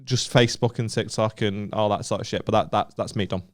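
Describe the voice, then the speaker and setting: A man's voice: fairly low pitch, steady tone, brisk. A man with a Northern English accent, co-hosting a comedy podcast with crude, teasing banter. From Northern England. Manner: crude, teasing, laughs often.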